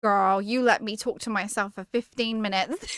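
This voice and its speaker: A woman's voice: mid-range voice, steady tone, a little slow, a bit bright, clear, resonant tone, no room sound, clean studio sound. A young woman hosting a casual live stream, chatty and giggly as she greets her chat. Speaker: streamer hosting a book club.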